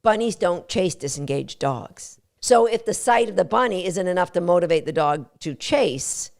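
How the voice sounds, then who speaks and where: Animated woman teaching dog training. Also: on the low side, normal speed, creaky, background noise. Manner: animated, emphatic, acts out quotes. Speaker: dog trainer and podcast host. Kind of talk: instructional podcast talk.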